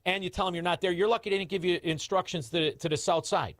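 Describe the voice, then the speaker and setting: A man's voice: high-pitched, steady tone, fast talker, fairly bright tone, no echo. A man hosting a call-in talk radio show, brash and mocking as he rants at callers.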